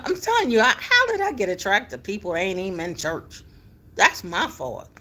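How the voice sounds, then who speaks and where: Animated storytelling woman, middle-aged. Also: medium pitch. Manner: animated, conversational, with emphatic exclamations. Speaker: vlogger telling her life story. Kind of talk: casual storytelling.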